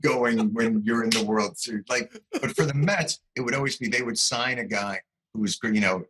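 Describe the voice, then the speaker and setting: A middle-aged man, a talk-show guest, trading wry, quick comic riffs in casual banter. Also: mid-range voice, a bit bright, slight background noise, low-quality recording.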